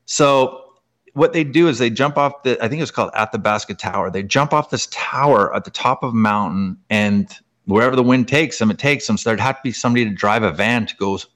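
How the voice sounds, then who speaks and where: A man from Canada, a guest author, telling personal stories in casual conversation, animated and full of "like" fillers. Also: fairly quick. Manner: animated, pitch jumping up in excitement; heavy use of "like" as filler.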